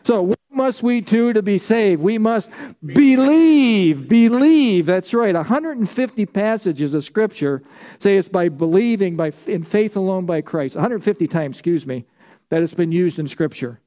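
A man preaching an emphatic sermon, with a high voice for a man. His tone is mellow and dark rather than bright. He builds his points through repeated phrases and calls on the congregation to answer back. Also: moderate pace. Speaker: pastor.

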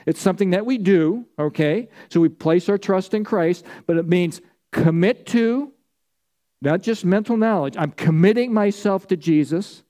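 A man's voice: high voice, moderate pace, mellow. A man preaching a sermon as pastor, emphatic, stacking repeated phrases and prompting the congregation to answer.

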